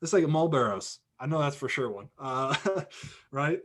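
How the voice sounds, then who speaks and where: Young guy, podcast guest, rambling animated storyteller who keeps saying "like" and restarting sentences. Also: mid-range voice, unhurried. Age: young adult. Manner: animated anecdote with lots of "like" and restarts. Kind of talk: casual storytelling.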